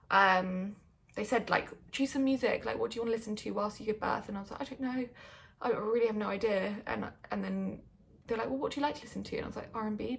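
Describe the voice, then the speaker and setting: A woman's voice: medium pitch, creaky. A young woman telling a personal story in a candid, chatty way. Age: young adult. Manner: candid, chatty, lots of likes and ums. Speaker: vlogger.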